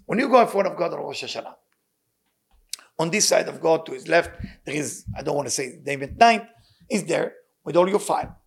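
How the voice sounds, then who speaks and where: Sermon voice: gravelly, husky man, fairly high, earnest and emphatic, English. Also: expressive, fairly quick. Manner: non-native English with Hebrew phrases, earnest and emphatic. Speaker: rabbi teaching.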